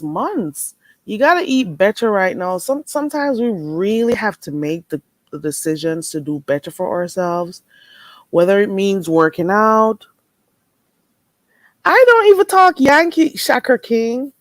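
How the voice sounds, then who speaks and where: Female vlogger, animated and chatty, very expressive pitch, dry sound. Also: no echo. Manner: animated, chatty, laughs often. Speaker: vlogger answering live chat. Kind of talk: casual chat to viewers.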